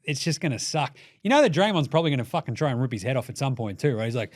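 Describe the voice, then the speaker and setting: A man with an Australian accent hosting a solo sports podcast, talking in a swearing, animated, jokey way. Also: medium pitch, quick pace, few pauses. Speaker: podcast host.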